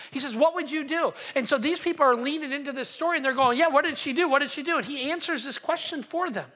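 Bright-voiced preacher, punchy call-and-response. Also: medium pitch, breathy edge. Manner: call-and-response questions to the congregation; swings between loud acted quotes and hushed asides. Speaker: pastor. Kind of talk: sermon.

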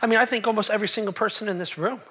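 Forties guy pastor preaching, bit of humor, talks right to the room, pretty high voice. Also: steady tone, very fast, sharp tone, breathy edge. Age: 40s. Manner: storytelling with humor, talks to the congregation. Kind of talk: sermon.

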